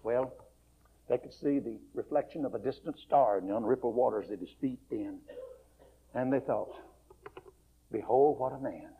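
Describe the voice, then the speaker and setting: A male preacher retelling a story in a folksy, dramatic sermon, swinging between soft, quiet passages and loud, raised ones. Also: mid-range voice, normal speed, husky. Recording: muffled lo-fi recording.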